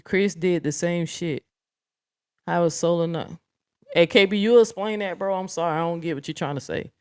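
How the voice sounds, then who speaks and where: A woman's voice: on the low side, normal speed, a little mellow, clear, resonant tone. A woman hosting a livestream, talking bluntly and profanely straight to her viewers and reading out chat comments. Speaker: livestream host.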